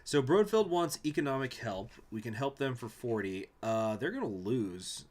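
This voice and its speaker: A man's voice: mid-range voice, big pitch swings, moderate pace, a little mellow. A man streaming a strategy game from home, reading event text aloud and rambling to his chat with jokey asides. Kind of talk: casual gameplay commentary, reading event text.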